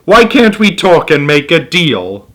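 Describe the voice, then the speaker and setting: A man's voice: fairly high pitch, big pitch swings, measured pace, a bit bright. Man doing a pleading little pig. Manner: pleading, anxious.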